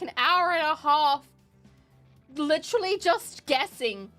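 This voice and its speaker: Young woman, Australian accent, casual stream chat, animated, bright tone. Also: high-pitched, slow pace, soft background music. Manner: animated, laughing, emotional.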